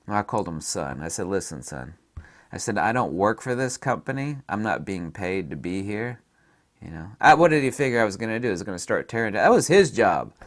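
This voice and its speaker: A middle-aged man from the American South, telling blunt, casual stories about a trip and laughing at his own punchlines. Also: on the low side. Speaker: photography vlogger. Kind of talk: casual storytelling.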